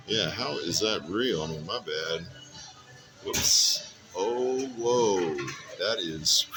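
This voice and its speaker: A man vlogging at a fast-food drive-through from his car, talking in a drawn-out, mock-serious way with lots of exclamations. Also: lowish voice, animated. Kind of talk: casual vlog commentary. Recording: clear background music.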